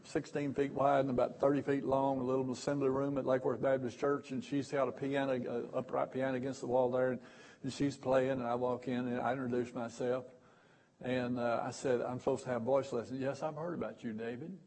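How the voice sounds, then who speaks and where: A man preaching in a husky, slightly rough voice at an everyday pitch. He tells folksy, self-mocking stories from the pulpit, stumbling over and repeating words, and now and then swells into loud bursts. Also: completely flat delivery, brisk, rough recording. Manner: bursts into sudden loud stretches. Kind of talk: storytelling sermon.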